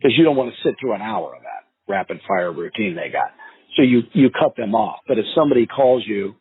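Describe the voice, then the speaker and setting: Brief: male sales coach, low husky voice, phone-line sound, animated storytelling. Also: a little fast. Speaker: real estate sales coach. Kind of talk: podcast interview, anecdotal advice.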